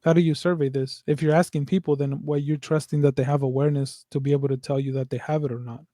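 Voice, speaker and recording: A young man co-hosting a podcast, speaking bluntly with heavy swearing and strong emphasis. His voice is fairly high for a man yet mellow and warm. The recording is close and dry. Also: flat delivery, quick pace, no echo. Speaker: podcast co-host. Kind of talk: casual conversation.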